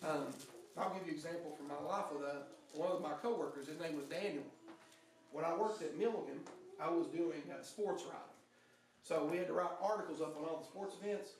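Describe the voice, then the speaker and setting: Young guy preaching, kinda high voice, chatty storytelling, lots of restarts, big echoey church, mic far off. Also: a little fast, a little hiss or hum. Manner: earnest storytelling, conversational, with frequent restarts. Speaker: pastor. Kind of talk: sermon with personal story. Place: church sanctuary.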